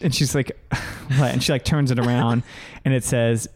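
A young man telling a story in casual chat, animated, acting out quotes and laughing often. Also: medium pitch, moderate pace. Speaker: guest.

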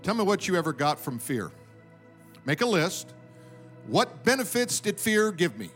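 A man preaching from the pulpit in a high, ringing voice, driving his points home and calling for amens from the church. Faint music plays quietly beneath his sermon. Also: very animated, moderate pace. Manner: emphatic preaching, calls for amens. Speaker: pastor. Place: church sanctuary with congregation.

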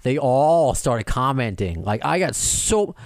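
A man's voice: medium pitch, takes it slowly, no echo, studio quality. A middle-aged man, a podcast host, telling a rambling story in casual chat, full of restarts and acted-out quotes. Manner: animated, rambling with many restarts and quoted dialogue.

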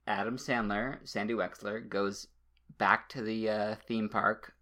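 A man's voice: fairly low pitch, fairly even intonation, a little slow, bright, forceful tone. A man co-hosting a podcast, recapping a movie in casual, rambling chat with restarts and the odd swear word. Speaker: podcast co-host.

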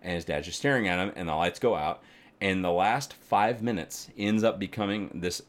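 A man chatting casually as a podcast co-host, rambling and animated, swearing freely and filling gaps with "like". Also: deep voice, moderate pace. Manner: rambling, animated, swears often, many fillers. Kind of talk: casual chat.

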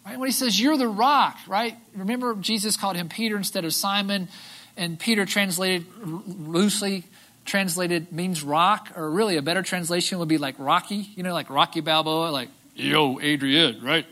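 Brief: an easygoing, bright-toned preacher, animated storytelling with frequent "right?". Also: mid-range voice, moderate pace. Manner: casual, animated retelling with acted-out quotes and filler "right?". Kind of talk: sermon.

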